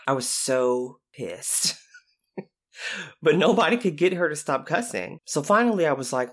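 Animated storytelling man. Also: on the high side, a little slow. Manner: animated, acts out quoted voices. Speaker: guest, former youth intervention specialist. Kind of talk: storytelling anecdote.

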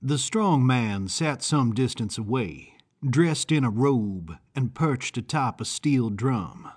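A man reading first-person audiobook narration in a measured, deliberate way. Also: mid-range voice, expressive, a little mellow, slightly rough.

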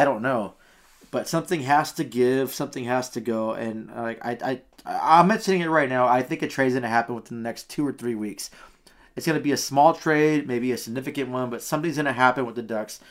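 A man with a mid-range voice argues his point on a sports podcast. He speaks emphatically and insistently, with casual fillers and repeated words. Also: medium pitch. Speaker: podcast co-host, sports writer.

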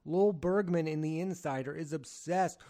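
A man's voice: fairly high pitch, normal speed, dark tone. A man hosting a film podcast, giving his candid, strongly opinionated takes in a conversational way. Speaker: podcast host, film critic.

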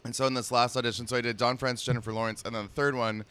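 A man with a smooth, resonant voice talks casually as a podcast guest. He is self-mocking and laughs often, his pitch sitting in the middle. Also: level tone, rapid-fire, a bit bright. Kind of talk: casual chat. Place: bar.

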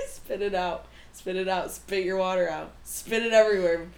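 A woman's voice: mid-range voice, normal speed, vocal fry, a little mellow. A young woman co-hosting a podcast, giggly and teasing in casual chat. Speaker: podcast co-host. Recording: echoey room with faint noise.

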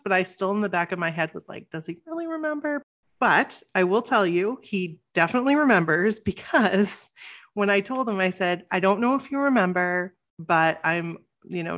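A woman podcast host telling a story in casual chat, acting out quoted lines with lively voice changes. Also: lowish voice. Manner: animated, acts out quotes with shifting voice.

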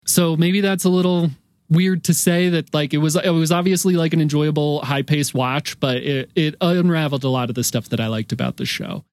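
A man with a fairly high voice co-hosts a podcast in a loose, chatty way. He rambles, goes back on his own words and softens his points as he goes. The sound is dry and close. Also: expressive, a little fast, dry recording. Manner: rambling, self-correcting, hedging. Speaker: podcast co-host. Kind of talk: casual chat.

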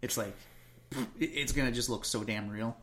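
A man's voice: medium pitch, normal speed, fairly bright tone, a little hiss or hum. A man in casual conversation, talking animatedly and slipping into mocking voices when he retells stories. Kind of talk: casual chat.

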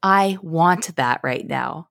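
A young woman talks casually as a podcast co-host, with a slightly low voice and chatty, animated storytelling. She is recorded close, with a dry sound and no room echo. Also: takes it slowly, gravelly. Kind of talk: casual chat.

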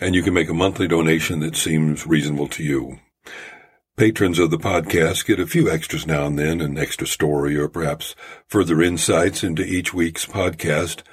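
A man hosting his own storytelling podcast, talking in a measured, folksy way. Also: extremely low pitch, slightly rough. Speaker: podcast host. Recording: home-made podcast audio.

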